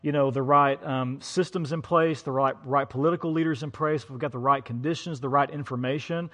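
A man's voice: mid-range voice, fairly even intonation, fairly quick, fairly bright tone. A man pastor co-preaching an online sermon in an empty church, easygoing and joking, with fillers. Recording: long reverb of an empty hall.

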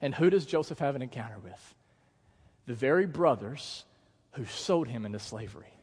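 A male pastor preaching a sermon in an animated storytelling manner, acting out the scenes as he goes. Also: medium pitch, moderate pace, slightly rough. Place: church sanctuary. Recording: long church reverb.

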